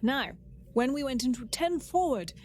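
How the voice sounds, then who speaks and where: A woman's voice: sits high, expressive, moderate pace, a little mellow, slight background noise. Chatty woman co-hosting a fan podcast. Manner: chatty, enthusiastic, frequent "um" restarts. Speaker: podcast co-host. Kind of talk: casual chat.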